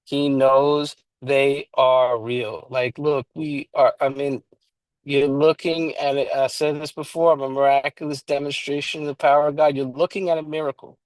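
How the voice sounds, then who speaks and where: A man's voice: mid-range voice, little pitch movement, normal speed, no echo, low-quality recording. A man co-hosting an online recovery book study, talking casually and emphatically, swearing now and then and restarting his sentences. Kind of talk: casual online meeting talk.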